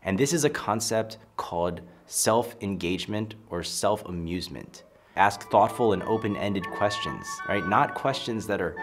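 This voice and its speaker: A man's voice: fairly low pitch, lively intonation, moderate pace, music in the background. A man giving casual, emphatic advice on conversation, acting out example lines. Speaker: social skills coach. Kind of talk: casual advice talk to camera.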